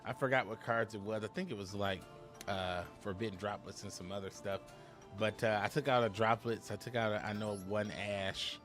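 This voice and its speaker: A man's voice: lowish voice, steady tone, moderate pace, fairly bright tone, faint music behind. A man giving casual, hyped-up commentary on a card game, full of slang and repeating "my boy". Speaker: gaming YouTuber.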